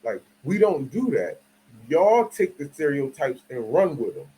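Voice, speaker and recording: A man's voice: on the high side, sing-song, unhurried, dark tone, husky, rough recording. A man hosting his own channel, telling stories in a casual, slangy commentary that rambles and restarts and keeps checking that listeners follow. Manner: asks the audience for agreement. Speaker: channel host.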